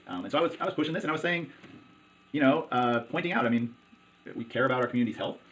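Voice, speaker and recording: A man, a local commissioner, talking in a conversational interview, halting often with fillers and restarts. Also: medium pitch, a bit bright, poor audio. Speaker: hospital district commissioner.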